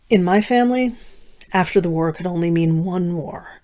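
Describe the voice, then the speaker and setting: Woman storyteller with hushed dramatic pauses. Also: fairly low pitch. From United States. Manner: slow, dramatic pauses, soft hushed asides. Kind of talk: personal storytelling. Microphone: video recording.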